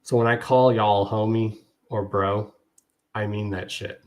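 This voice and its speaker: Podcast host guy, kinda low voice, heartfelt and choked up, keeps saying y'all. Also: steady tone, unhurried, lo-fi sound. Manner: earnest, emotional, repeats "y'all" often.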